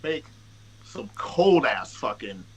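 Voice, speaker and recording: A man's voice: mid-range voice, slow pace, slightly rough, low-quality recording. A man guest on a podcast, a rapper telling a casual, profane story and acting out what people said. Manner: profane, animated, acts out quotes.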